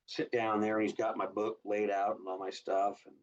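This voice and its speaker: A man's voice: fairly low pitch, moderate pace. A man in his fifties from Southern California, a guest on an interview telling stories and acting out the voices of the people in them. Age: 50s. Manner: animated storyteller who acts out quoted dialogue in a raised voice. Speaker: guest, hot rod builder. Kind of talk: casual interview storytelling. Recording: slightly distant, dull lo-fi sound.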